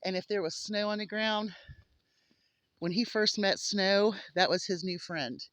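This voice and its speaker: Her voice is mid-range and a bit bright, with fairly even intonation and an unhurried pace, and there's no room sound. Filming on a handheld camera, she chats to viewers from her homestead in a windy snowstorm and in a coop, slightly winded and affectionately cooing at the animals.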